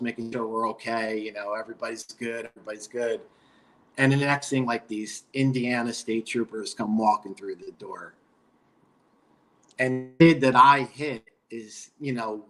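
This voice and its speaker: A middle-aged New Yorker, appearing as a guest guitarist, tells a road story in a relaxed, rambling way and swears casually. His voice is mid-range, and the recording is rough.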